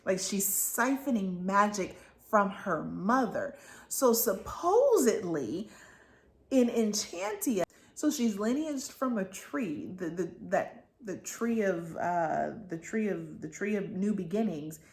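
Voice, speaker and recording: A woman's voice: medium pitch, lively intonation, takes it slowly. A woman giving a casual book talk, retelling the plot in a rambling way with many restarts. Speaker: book reviewer.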